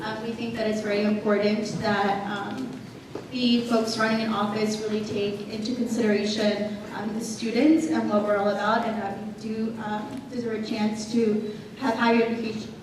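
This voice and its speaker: A woman's voice: mid-range voice, little pitch movement, moderate pace. A young woman in her twenties from a student group, speaking hesitantly with many fillers. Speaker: student organization member. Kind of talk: short speech. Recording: echoey room from far off, noise.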